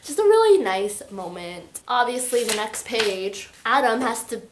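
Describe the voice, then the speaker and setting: This young woman's voice sits on the high side and is expressive but a little slow, with a roomy sound and some background noise. A giggly book vlogger, she gushes over a book she loves in a casual review, acting out its quotes in voices.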